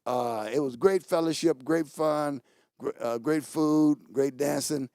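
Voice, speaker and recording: Gravelly-voiced playful pastor host. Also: male voice, measured pace, no echo, clean studio sound. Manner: playful, jokes with the crew, animated pitch jumps. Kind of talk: casual church announcements. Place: studio set.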